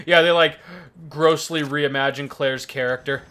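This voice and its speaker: A man playing a video game on a let's play show, excitable, swearing freely and muttering to himself about his inventory. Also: on the high side, unhurried. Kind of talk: casual gaming commentary.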